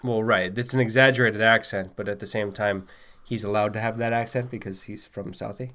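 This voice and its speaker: A man's voice: fairly low pitch, steady tone, a little fast, pushed and bright. A man with a Massachusetts accent co-hosting a podcast, chatting in a wry, questioning, joking way. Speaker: podcast co-host. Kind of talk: casual chat.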